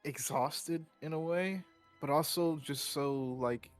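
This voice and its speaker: A man's voice: fairly high pitch, takes it slowly, faint music behind. A man who plays in a tabletop game, earnestly explaining his feelings in a rambling, hesitant way. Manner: earnest, rambling, searching for words. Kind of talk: casual recap chat.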